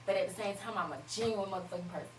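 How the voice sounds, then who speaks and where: A woman's voice: medium pitch, very fast, slight background noise. A woman hosting a casual chat, talking emphatically and swearing freely. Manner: profane, emphatic, laughing banter. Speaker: podcast host. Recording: echoey room, voice from far off.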